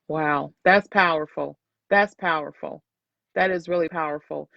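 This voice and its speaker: A woman's voice: sits low, steady tone, unhurried, creaky, no room sound. Woman host, sales coach, motivational faith talk, emphatic, preachy, dry, dull lo-fi audio. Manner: emphatic, preachy, repeats lines for effect.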